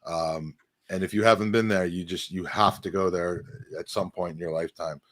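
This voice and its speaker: A man's voice: sits low, fairly even intonation, normal speed, a bit bright, dry recording. A man co-hosting a podcast, chatting casually and rambling with many fillers and restarts. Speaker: podcast co-host. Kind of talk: casual chat.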